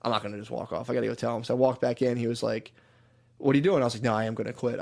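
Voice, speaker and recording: A man's voice: medium pitch, fairly even intonation, very fast, gravelly, a little mellow. A man on a podcast telling a story in casual chat, swearing and laughing often and acting out the people he quotes. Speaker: podcast co-host.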